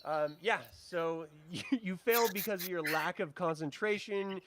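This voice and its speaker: A man's voice: high voice, a little slow, noisy background. A man running a tabletop game as game master, explaining rules and narrating the action.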